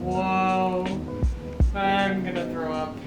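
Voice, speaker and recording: A woman's voice: fairly low pitch, extremely slow, loud music behind the voice. Keyed-up young woman reacting to a book. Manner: excitable, swearing, swings between exclamations and hushed whispers. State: keyed up late at night. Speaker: book vlogger. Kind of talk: live reading reaction.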